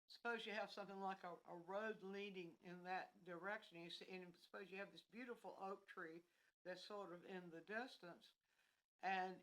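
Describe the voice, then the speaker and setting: A woman's voice: medium pitch, fairly bright tone, poor audio. A woman teaching painting on a livestream, explaining her points in a meandering way and thinking aloud with many restarts. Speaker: art instructor.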